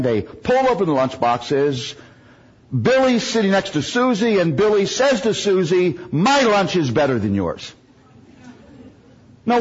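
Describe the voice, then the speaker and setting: A man's voice: fairly high pitch, husky, muffled recording. A man from the United States preaching a sermon, telling humorous stories and making self-mocking jokes.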